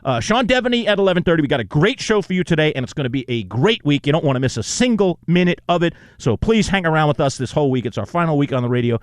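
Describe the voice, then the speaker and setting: A man's voice: a little high, fast, few pauses, dry recording, studio quality. A man hosting a radio sports talk show, chatting casually and telling stories with a self-mocking streak. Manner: animated, self-mocking storyteller.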